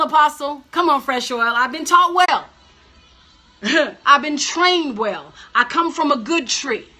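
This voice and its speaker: A woman's voice: high voice, sharp tone. A woman minister preaching and prophesying on a live stream, fervent and repetitive, speaking straight to her viewers. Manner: fervent, repetitive declarations, addresses viewers directly.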